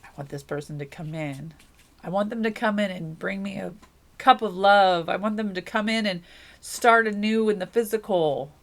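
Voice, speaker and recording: A woman's voice: medium pitch, normal speed. A woman giving a casual tarot reading, giggling often and rambling as she muses aloud. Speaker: tarot reader.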